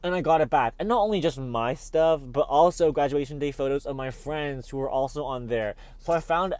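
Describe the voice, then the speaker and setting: A man's voice: a little high, a little fast, a little mellow. A young man vlogging, telling a dramatic story in a chatty way and calling the listener "babes" often. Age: young adult. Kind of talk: casual storytelling vlog.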